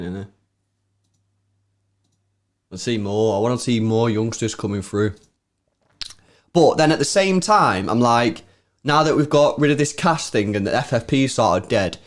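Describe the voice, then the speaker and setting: A young man co-hosting a live football watchalong, chatting casually in slang and rising sharply when excited. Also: lowish voice, measured pace, pauses often. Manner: laid-back slangy banter, rises sharply when excited. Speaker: watchalong co-host. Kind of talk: casual live-stream chat.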